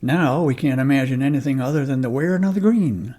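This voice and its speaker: A man's voice: mid-range voice, fairly quick, mellow. A man delivering a scripted radio commentary in a wry, lightly joking manner.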